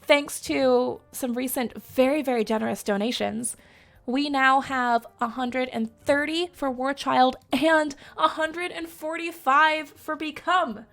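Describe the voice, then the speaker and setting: A young woman hosting a charity live stream, excitable and laughing often as she talks to her chat. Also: high voice, measured pace, creaky.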